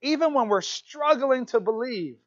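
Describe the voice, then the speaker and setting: A man preaching a sermon in a church, animated and playful, often checking in with the crowd with "right?". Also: very high-pitched, normal speed, dull audio. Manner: animated, playful asides, keeps asking "right?". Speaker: pastor. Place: church hall.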